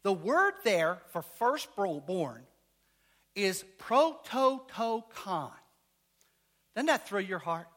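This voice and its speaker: Animated high-voiced preaching man. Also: drawn-out words. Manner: animated, joking, asks the congregation questions. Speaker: pastor. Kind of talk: sermon. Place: church.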